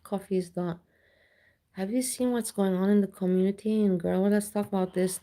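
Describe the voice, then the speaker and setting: A woman's voice: medium pitch, mellow. A woman chatting casually with viewers on a live stream, blunt and ranting, reading the chat aloud.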